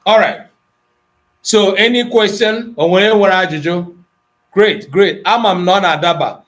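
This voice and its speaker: A man's voice: high voice, normal speed, a bit bright, low-quality recording. A middle-aged Nigerian man with an Igbo accent, teaching an online Igbo language class, explaining patiently and calling on students by name. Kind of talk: online class lesson, mixing Igbo and English.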